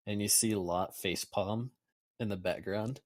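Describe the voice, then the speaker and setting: Low-voiced dude game-mastering, casual, laughs a lot, dry close sound. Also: male voice, fairly even intonation, unhurried, a little mellow, no echo. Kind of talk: narrating a tabletop game.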